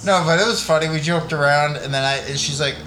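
Bright-voiced man, rambling podcast banter. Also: on the high side, quick pace, a little hiss or hum. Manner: rambling, laughing storyteller with frequent swearing. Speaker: podcast co-host. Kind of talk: casual chat.

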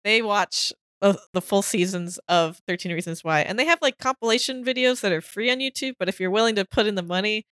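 A woman's voice: medium pitch, brisk, few pauses, a bit bright, no room sound, studio quality. A woman chatting casually on a podcast, laughing often and trailing off into restarts. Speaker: podcast panelist.

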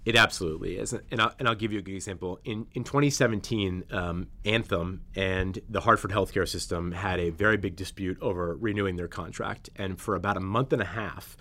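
A man with a fairly low voice talks through policy on a union podcast. He is earnest and orderly and lists his points one by one. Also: brisk, few pauses, a bit bright. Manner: earnest, explains in numbered points. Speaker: state legislator guest.

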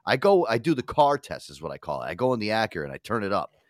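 A man's voice: on the low side, quick pace, no room sound, studio quality. A man in his thirties, a podcast host, telling stories in casual chat with lots of swearing. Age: 30s. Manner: profane, animated storytelling.

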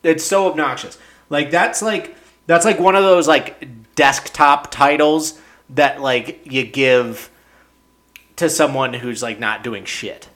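A young man hosting a podcast, chatting casually and swearing often, with incredulous rants that jump up in pitch. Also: slow, fairly bright tone. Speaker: podcast host. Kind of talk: casual recap chat.

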